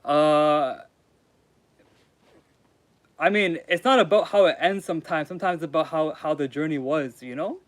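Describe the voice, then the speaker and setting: A man's voice: a little high, normal speed, pauses often, dry recording. A young man streaming live, rambling casually as he reads and answers chat in slangy talk. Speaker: streamer reading aloud. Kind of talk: casual livestream commentary.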